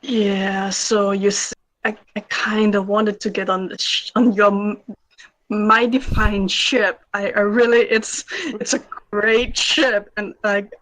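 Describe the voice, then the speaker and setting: A woman playing an awkward young traveller who bluffs and rambles. She talks slowly, hesitating often. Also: mid-range voice, level tone, a bit bright, no echo, low-quality recording. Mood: bluffing.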